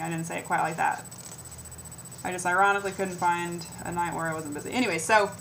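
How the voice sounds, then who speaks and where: A woman's voice: medium pitch, steady tone, a little fast, a bit bright, slight background noise, low-quality recording. A young adult woman vlogging a sarcastic comedic rant, mimicking the comments people make to her.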